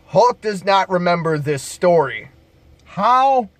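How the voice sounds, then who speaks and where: A man's voice: a little high, expressive, normal speed, a bit bright, no room sound. A man casually telling bar stories to camera as a bouncer, laid-back, profane and jokey.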